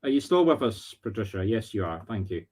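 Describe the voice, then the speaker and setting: A man's voice: lowish voice, big pitch swings, a little mellow. Scottish man giving earnest medium readings. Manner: earnest, halting, searching for words. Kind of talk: live-streamed spirit readings. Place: home live stream.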